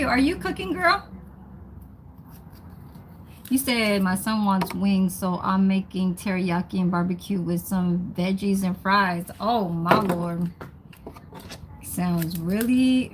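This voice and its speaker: A woman's voice: medium pitch, noisy background. A woman hosting a casual cooking livestream at home, chatting with her viewers while she cooks and swearing now and then. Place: home kitchen, then outdoors.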